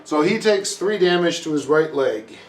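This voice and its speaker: A man's voice: a little high, animated, normal speed, far from the mic. Man game master in a roomy echo. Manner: explains rules patiently and narrates combat. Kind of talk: running a tabletop game.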